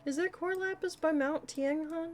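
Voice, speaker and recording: A woman's voice: very high-pitched, normal speed. A woman live streamer giving casual gameplay commentary, chatty and talking to herself as she pleads with the game.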